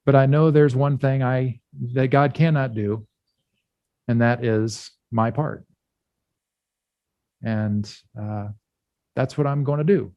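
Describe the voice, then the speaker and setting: A male pastor giving a candid sermon, speaking with pauses and restarts. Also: mid-range voice, dry recording, dull audio. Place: church.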